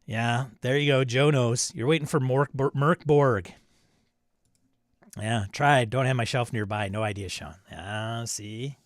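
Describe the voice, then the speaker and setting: Man, stream host, casual chat, reads comments aloud, riffs and chuckles, mid-pitched voice, dry close sound. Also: measured pace, dry recording. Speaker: host of a live stream show.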